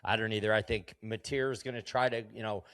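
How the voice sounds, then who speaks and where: A man's voice: fairly low pitch, steady tone, fast talker, fairly bright tone, dry recording. A man co-hosting a casual sports betting talk show, speaking bluntly and emphatically with plenty of swearing. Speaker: co-host.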